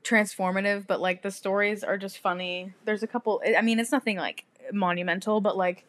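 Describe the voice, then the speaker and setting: A woman's voice: mid-range voice, steady tone, fairly quick. Blunt, swearing young woman host. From Texas. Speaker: podcast host. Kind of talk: casual chat.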